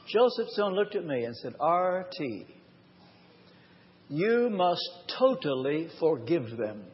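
A man preaching a live sermon, his voice sitting fairly high. He tells his story earnestly and drags out the key phrases for weight. The recording is dull and washed in long reverb from a large church hall. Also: animated. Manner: earnest, personal storytelling with emphatic slowed phrases. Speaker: pastor.

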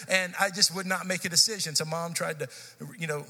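Man, pastor, forties, bright forceful voice, a bit high, chatty storytelling sermon, reverb of a church hall. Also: fast. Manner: conversational storytelling preacher, lively and animated. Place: church sanctuary.

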